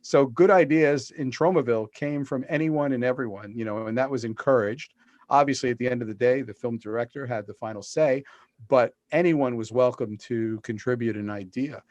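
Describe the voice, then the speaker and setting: This middle-aged man speaks briskly in a mid-range voice on a lo-fi recording without echo. As the guest author in a video-call interview, he tells animated stories and acts out the quotes he shares.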